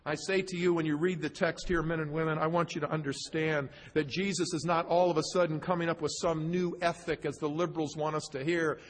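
A male pastor preaching a sermon, reading scripture slowly and with emphasis, with joking asides to the congregation. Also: on the high side, fairly even intonation. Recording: long hall reverb.

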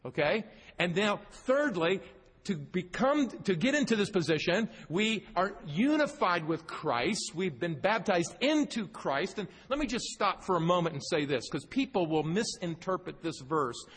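A man's voice: high-pitched, big pitch swings, unhurried, a bit bright, husky, big-room sound, poor audio. A man preaching an emphatic teaching sermon, putting questions to the congregation as he explains the text.

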